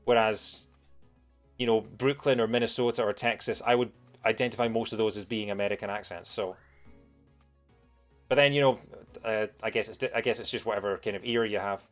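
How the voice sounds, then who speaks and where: A man's voice: fairly low pitch, steady tone, a little fast, faint music behind. Rambling young British man streaming a game. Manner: rambling, many fillers, answers chat. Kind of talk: casual gameplay commentary.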